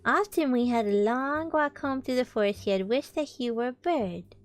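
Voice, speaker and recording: A woman's voice: on the high side, animated, moderate pace, dry recording, soft background music. A woman streamer reading a storybook aloud, with chatty, playful asides.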